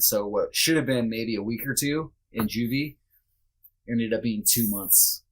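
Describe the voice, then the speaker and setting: An unhurried man with a mid-range voice shares a personal story as a podcast guest. He's candid and blunt, swears at times, and talks in a loose, conversational way with many fillers.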